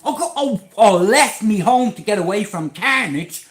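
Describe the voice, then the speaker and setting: A man with an Irish accent telling a story on a livestream, blunt, animated and swearing constantly. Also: high-pitched, moderate pace, reverberant.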